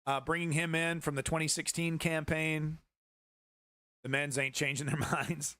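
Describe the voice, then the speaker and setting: A man's voice: a little high, level tone, unhurried, sharp tone, dry recording, clean studio sound. A man hosting a livestream news show, giving casual political commentary in a rambling, profane way, with many restarts.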